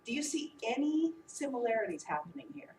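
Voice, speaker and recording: A woman preacher giving a sermon, animated and humorous as she acts out the disciples. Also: on the high side, fairly quick, slight background noise. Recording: echoey room, voice from a distance.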